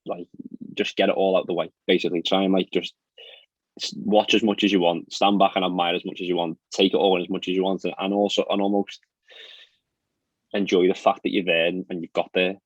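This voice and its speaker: A man's voice: deep voice, flat delivery, slightly rough, no echo. A young man, a professional golfer telling stories in a casual podcast chat, with lots of fillers. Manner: fast, chatty storytelling with frequent fillers and laughs. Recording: dry, dull lo-fi sound.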